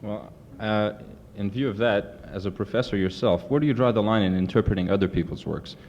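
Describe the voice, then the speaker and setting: A man's voice: lowish voice, a little fast, a little mellow. A man from the audience asking a professor a question, hesitant and searching for examples. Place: university lecture event. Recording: muffled old archive tape with faint hiss.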